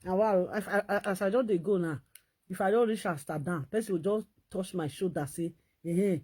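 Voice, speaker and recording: A woman with a Nigerian Pidgin accent, talking in an animated, laughing vlog commentary. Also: mid-range voice, fairly quick, slightly rough. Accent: Nigerian Pidgin English. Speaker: vlogger.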